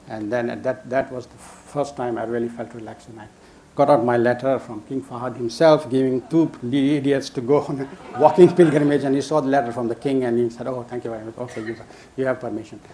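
A man's voice: medium pitch, darkish tone, a little hiss or hum. An older man telling a long anecdote in a casual way, often chuckling and restarting his sentences. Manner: chuckling, halting with many restarts. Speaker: storyteller guest.

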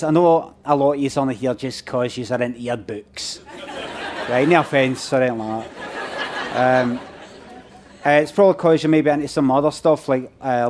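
Glaswegian man bantering on stage. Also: a little high. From Scotland. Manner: chatty, self-mocking, swears casually. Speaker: comedian on stage. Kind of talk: live stand-up banter with audience. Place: theatre stage. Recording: live venue, crowd noise. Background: audience laughter and murmurs.

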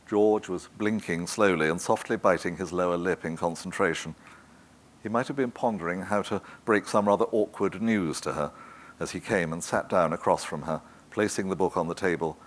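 A man narrating a literary novel in a measured, even manner. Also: sits low. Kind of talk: scripted audiobook narration.

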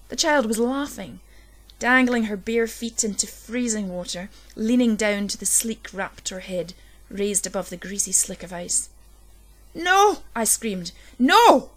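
Woman reading a scary story, low and intense, gets loud when things go bad. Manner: low, intense storytelling that swells at tense moments. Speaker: narrator. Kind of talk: scripted horror story reading.

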